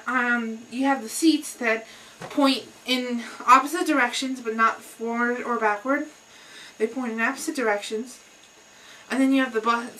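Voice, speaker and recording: Young woman, high-pitched, heated rant, lots of fillers, distant webcam mic. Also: a bit bright, slight background noise. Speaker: vlogger. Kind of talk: personal rant to camera.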